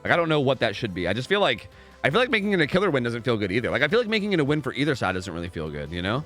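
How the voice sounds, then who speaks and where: Fast, animated male streamer. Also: mid-range voice, soft background music. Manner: rambling, repeats phrases, swears casually. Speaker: streamer commentating scrims. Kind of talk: casual live-stream commentary.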